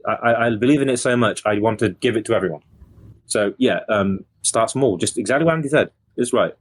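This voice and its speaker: A man's voice: lowish voice, fairly quick, husky. A man on a podcast speaking in an earnest, motivational way about self-improvement, often repeating words as he starts a thought. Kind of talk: casual podcast talk.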